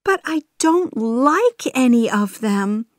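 A woman's voice: fairly high pitch, big pitch swings, slow, no echo, clean studio sound, voice pushed up. Jasmine, a woman doing a restless young princess. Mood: plaintive. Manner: frustrated, plaintive.

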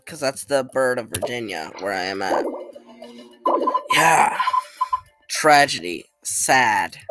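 A man plagued by hiccups talks through a game at a slow, easy pace, his pitch rising and dipping a lot. He is chatty and reads prompts aloud, with faint music playing behind him. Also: pushed and bright. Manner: chatty, apologetic, reads on-screen text aloud. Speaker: YouTuber trying web experiments. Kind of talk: casual gameplay commentary.

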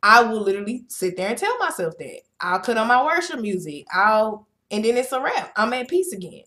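A woman's voice: fairly high pitch, big pitch swings, fairly quick, bright, forceful tone. A woman in her twenties giving a casual, emphatic motivational talk as host of her own show, chatty and full of "like" and "literally". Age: 20s.

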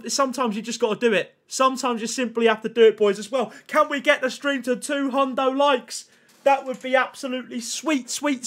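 A man's voice: very high-pitched, fairly bright tone. A young man hosting a live gaming stream, chatting in a hyped, slangy way and reading out chat messages. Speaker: livestream host.

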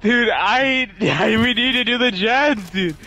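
Excitable young male gamer, high and very animated voice. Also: a little slow. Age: young adult. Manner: excitable, yelling and stammering. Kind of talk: casual gaming chat.

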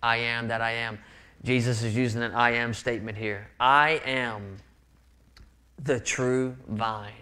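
A man's voice: mid-range voice, fairly even intonation, measured pace, bright, forceful tone. A man preaching a sermon as pastor, earnest and often repeating words for emphasis. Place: church sanctuary.

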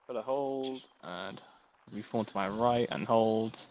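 A man giving terse orders in calm bursts over gaming voice chat, leading a line. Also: fairly low pitch, unhurried. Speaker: line officer giving commands.

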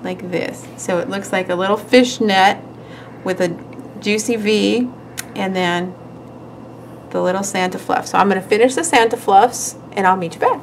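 A woman's voice: medium pitch, moderate pace, a little hiss or hum, rough recording. Woman host, casual and giggly, narrating hands-on craft work; light room ambience. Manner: chatty, giggly, talks while working. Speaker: nail art tutorial host.

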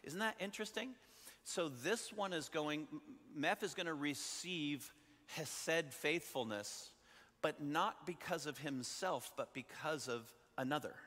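A man's voice: fairly high pitch, bright, forceful tone, in a large hall. A man preaching a sermon as pastor, telling a Bible story in a conversational way and asking his listeners questions. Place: church sanctuary.

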